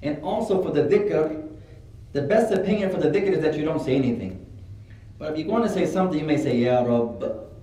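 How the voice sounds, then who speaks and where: A man giving a religious lesson, telling stories in a relaxed, lively way and acting out what people said. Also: a little high. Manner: relaxed, animated storyteller, acts out quotes. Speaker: religious teacher. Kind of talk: classroom lesson with storytelling. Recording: echoey room, mic far off.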